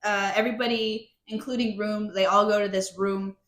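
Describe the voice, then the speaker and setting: A woman's voice: medium pitch, little pitch movement, normal speed, a bit bright. A woman co-hosting a podcast, recapping a book in casual chat with many ums and restarts. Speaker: podcast co-host. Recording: roomy echo.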